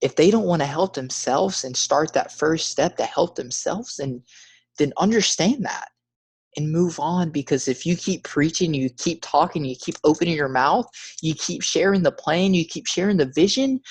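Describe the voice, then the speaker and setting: A man giving an emphatic motivational talk, urging listeners in a repetitive, preacher-like way and dropping to a hush when he tells a story. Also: a little high, breathy edge. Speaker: motivational speaker.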